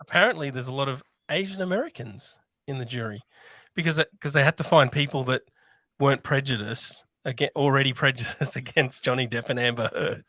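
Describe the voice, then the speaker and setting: A man's voice: medium pitch, fairly quick, bright, forceful tone, no echo. A man co-hosting a podcast, giving blunt, crude opinions in casual chat. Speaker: podcast co-host.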